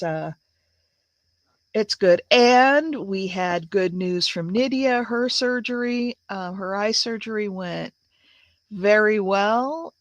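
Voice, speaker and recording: A woman's voice: medium pitch, dry recording. A woman in her sixties chatting casually on a live stream, greeting viewers by name and using lots of fillers. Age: 60s. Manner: chatty, reads viewer comments aloud, many fillers. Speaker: crafts channel host.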